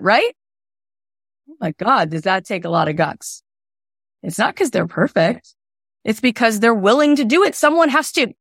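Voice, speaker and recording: A woman with a fairly high voice hosts a podcast and coaches two people on a call. She talks with emphatic, animated energy and scatters "like" and "right?" through her lines. The sound is dry and close. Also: moderate pace, no echo. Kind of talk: coaching call, motivational talk.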